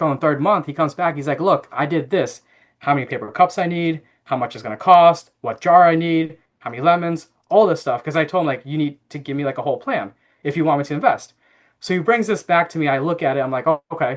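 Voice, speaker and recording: A man in his thirties telling a family story as a podcast guest, relaxed and chatty with fillers. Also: fairly high pitch. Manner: animated anecdote-telling with frequent fillers and laughs. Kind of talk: casual interview storytelling.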